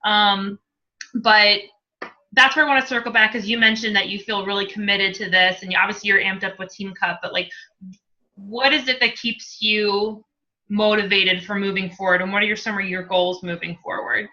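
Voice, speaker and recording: A woman hosting a casual interview with a new coach, effusive and encouraging and quick to gush. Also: medium pitch, fairly even intonation, pushed and bright, lo-fi sound.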